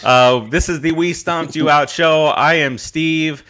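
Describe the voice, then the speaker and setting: Bright-voiced joking male host. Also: on the high side, steady tone, measured pace. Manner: joking, teasing, laughs often. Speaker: show host. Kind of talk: casual video-call chat show. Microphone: video call.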